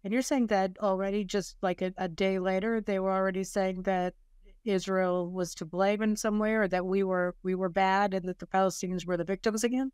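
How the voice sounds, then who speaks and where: A woman's voice: medium pitch, fairly even intonation, a little fast, a little mellow, smooth, no room sound, studio quality. A woman hosting an interview, asking probing questions with short restarts. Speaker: interview host.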